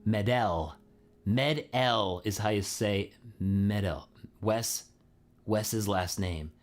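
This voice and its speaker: A man's voice: fairly low pitch, slow pace, soft background music. Laid-back male singer chatting on stream. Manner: laid-back, chatty, laughs often, greets viewers loudly. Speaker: singer hosting a live stream. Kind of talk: casual live-stream chat with viewers.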